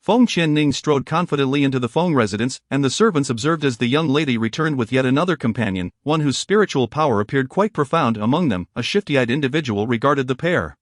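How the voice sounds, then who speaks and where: A man narrating a fantasy story in an even, formal reading style. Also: medium pitch, fast, hardly any pauses, dry recording, studio quality.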